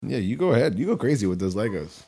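A man's voice: fairly low pitch, sing-song, quick pace, vocal fry, warm tone, breathy edge. A young man co-hosting a podcast, bantering and reading aloud in an incredulous, jokey way. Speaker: podcast co-host.

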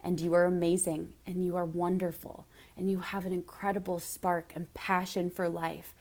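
A woman's voice: on the low side, flat delivery, normal speed, darkish tone. A woman giving a heartfelt, direct motivational monologue as a business coach, at times close to tears. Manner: emotional, near tears at times.

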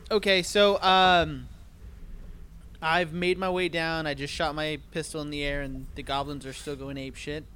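A man playing a character in a tabletop game, describing his moves in a relaxed, halting way. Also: on the high side, slight background noise. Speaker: player. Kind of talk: casual tabletop play.

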